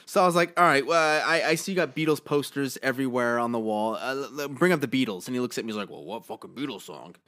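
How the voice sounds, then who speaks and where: A man co-hosting a podcast in casual chat, slightly hoarse, telling stories with lots of swearing and laughter. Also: medium pitch, fast, few pauses. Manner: animated storytelling, swears freely, laughs a lot. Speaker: podcast co-host.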